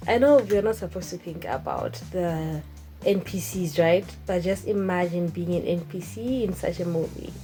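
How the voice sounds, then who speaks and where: A woman's voice: fairly low pitch, normal speed, soft background music, rough recording. A young woman, chatting casually and expressively to camera in a vlog. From Zimbabwe. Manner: animated, expressive, emphatic. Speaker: vlogger.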